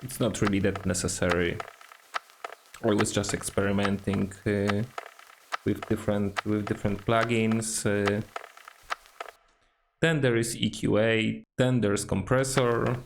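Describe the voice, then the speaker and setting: Gravelly slow-talking man with lots of fillers. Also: on the low side, flat delivery, background noise. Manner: hesitant, many fillers and restarts. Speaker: music producer. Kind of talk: casual tutorial walkthrough.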